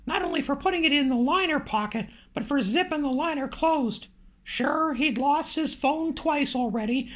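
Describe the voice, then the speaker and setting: A woman narrating an audiobook in a lively, expressive way. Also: sits high.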